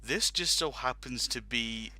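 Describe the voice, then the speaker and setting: A man telling a story on a casual talk show. His voice is very bright and crisp. It is recorded close and dry, with no room sound. He rambles animatedly, with laughs and quoted lines. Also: medium pitch, expressive, a little slow, dry recording. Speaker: podcast host telling a story.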